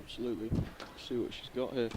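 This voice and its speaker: A man's voice: mid-range voice, fairly even intonation, fast talker, a loud crowd. A man commentating live on a squash match, calling the score and asking his co-commentator questions. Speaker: play-by-play commentator. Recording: noisy venue audio.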